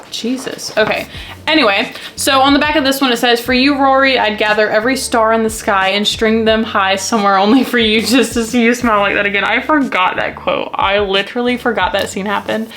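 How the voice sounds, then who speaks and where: Young woman book vlogger, excitable and gushing, casual chat to camera. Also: medium pitch.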